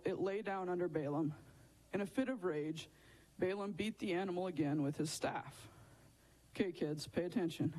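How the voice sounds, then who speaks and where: A man's voice: high voice, darkish tone, rough recording. A man teaching a children's Bible lesson in a chatty way, often asking his listeners questions.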